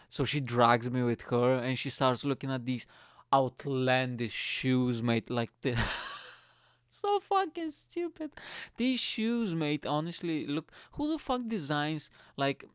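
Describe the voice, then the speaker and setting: A man, a comedian telling a crude, animated story in casual chat, swearing often and laughing as he talks. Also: mid-range voice, smooth, no room sound, clean studio sound. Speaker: comedian host.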